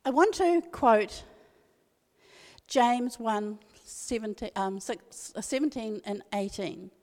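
In a slow, highish voice with a darkish tone, an older woman shares a family story during an earnest devotional talk at a women's church meeting. She repeats key phrases for emphasis, and the hall adds long reverb.

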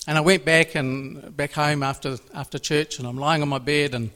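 A man's voice: fairly high pitch, steady tone, moderate pace, hardly any pauses, fairly bright tone. A man giving an earnest, emotional personal faith testimony, repeating phrases as he speaks. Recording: long reverb of a large hall.

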